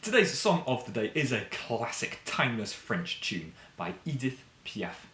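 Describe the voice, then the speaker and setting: A man teaching basic French to beginners and kids, saying each word slowly and clearly for learners to repeat. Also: mid-range voice, huge pitch swings, a bit bright, reverberant, slight background noise. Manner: slow, drawn-out repetitions for learners to copy.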